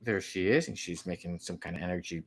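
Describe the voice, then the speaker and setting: A man co-hosting a casual comic book podcast, describing panels with a relaxed, playful delivery. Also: low-pitched, quick pace. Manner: reads panels aloud with playful quoted voices. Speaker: podcast co-host.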